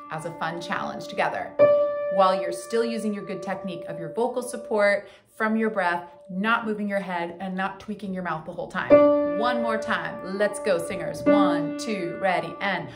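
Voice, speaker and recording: A woman voice coach teaching a singing lesson, counting in and demonstrating warm-ups in an encouraging way. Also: medium pitch, normal speed, over loud music. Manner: encouraging, counts in and sings along.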